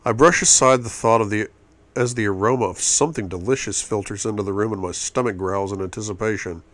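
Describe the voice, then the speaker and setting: Male audiobook reader, deep-ish and murmuring, dry close recording. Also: fast talker, fairly bright tone, no room sound. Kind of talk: first-person novel reading.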